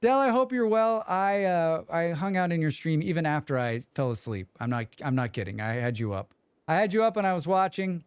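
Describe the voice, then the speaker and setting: A male game streamer with a fairly high, very lively voice, joking and rambling to his viewers. He hums and riffs between thoughts, close to a desk mic in a dry room. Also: a little fast, clear, resonant tone, dry recording. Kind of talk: casual livestream chat.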